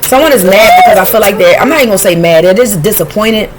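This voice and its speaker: A woman giving a casual intuitive tarot reading, blunt and profane, talking in a streetwise, animated way. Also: mid-range voice, fast talker, background noise. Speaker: tarot reader.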